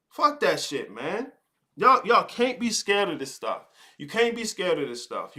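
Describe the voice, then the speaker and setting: A man hosting a live show, talking in a blunt, profane, casual monologue and mocking people with quick impressions. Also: fairly high pitch, pushed and bright. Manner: blunt, swearing, mocking, mimics others in quick asides. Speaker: host of a live spirituality advice show.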